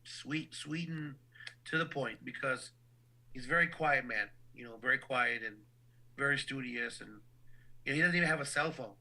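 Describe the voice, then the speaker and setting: A man's voice: medium pitch, normal speed, bright, forceful tone, rough recording. A man who works as a boxing ring announcer, talking casually and animatedly in an interview, often repeating words as he starts a thought.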